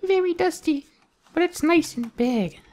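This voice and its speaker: A man doing a high young woman's voice. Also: lively intonation, unhurried, background noise. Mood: polite. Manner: high put-on girlish voice reading dialogue boxes. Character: young woman newly moved into an old house.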